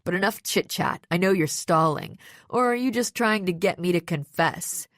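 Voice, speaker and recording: A woman's voice: on the low side, moderate pace, no room sound, studio quality, close to an everyday voice. A woman voicing a smug young male villain in an audiobook, speaking sarcastically and mockingly. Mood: sneering. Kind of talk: audiobook character voice.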